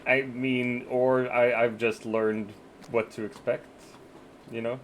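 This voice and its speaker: A man's voice: medium pitch, flat delivery, slow, a little hiss or hum. Laid-back man streaming a game. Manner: laid-back, swears casually, laughs easily. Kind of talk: casual gameplay chat.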